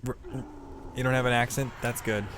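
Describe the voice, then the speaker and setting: A man with a Midwestern American accent talks loosely to his stream viewers while he plays, wandering from thought to thought and cursing casually. His voice sits at an ordinary middle pitch, with a faint bit of room noise behind him. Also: flat delivery, a little fast. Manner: rambling, profane, chatting to viewers. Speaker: game streamer. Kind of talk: casual live-stream chat.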